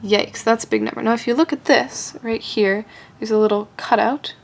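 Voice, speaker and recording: A woman narrating a casual hands-on kit build, playful and self-joking, often laughing and dropping into a soft whisper as she works. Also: fairly high pitch, steady tone, moderate pace, vocal fry. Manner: often drops to a soft whisper while working. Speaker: amateur radio hobbyist building a kit.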